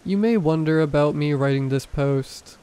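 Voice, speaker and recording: A man reading horror stories aloud in a calm, even scripted narration. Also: a little high, moderate pace, slight background noise, low-quality recording.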